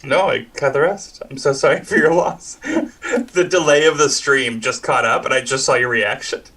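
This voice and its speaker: A man's voice: mid-range voice, moderate pace, pushed and bright. Dry-humored man sounding distant. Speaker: co-viewer on a call. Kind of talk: casual chat.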